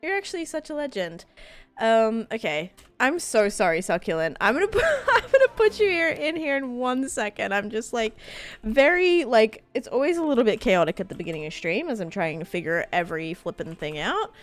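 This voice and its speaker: A woman live streaming a game, excitedly thanking viewers and rambling through stories with lots of fillers. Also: medium pitch, normal speed. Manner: rambling storytelling with many fillers. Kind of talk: casual live-stream chat while gaming.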